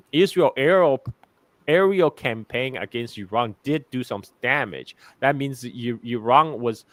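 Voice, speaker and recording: A man's voice: mid-range voice, dry recording. A man speaking as a guest on a live-stream discussion. He is blunt and sarcastic, laughs often, and keeps repeating and restarting his words. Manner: frequent word repetitions and restarts. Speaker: guest commentator.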